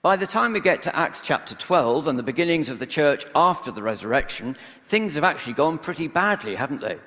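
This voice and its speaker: A vicar giving a measured, reflective sermon in a church, pausing often between phrases. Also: male voice, fairly high pitch, big pitch swings, fairly bright tone. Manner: measured, reflective preaching with pauses. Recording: long church reverb.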